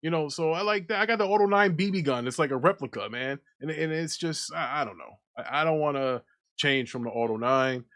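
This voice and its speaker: A young man hosting a casual live-stream chat show, ranting in a profane, animated way. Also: a little high, a little fast. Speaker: podcast host.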